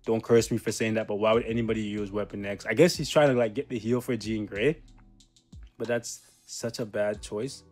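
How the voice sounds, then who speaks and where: A man's voice: lowish voice, fairly even intonation, moderate pace, soft background music. Slangy young man commentating gameplay. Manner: slangy, joking, bursts into loud laughs and shouts. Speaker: gaming channel host.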